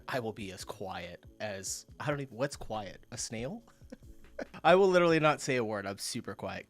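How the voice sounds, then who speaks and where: A man hosting a reaction video, chatting casually and laughing often, with bursts of disbelief. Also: medium pitch. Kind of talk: casual commentary reacting to clips.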